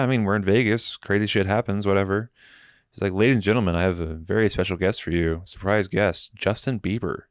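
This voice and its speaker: A man's voice: low voice, clear, resonant tone, no echo. A man hosting a comedy podcast, rambling through a casual, profane, sardonic monologue into a close mic. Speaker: podcast host.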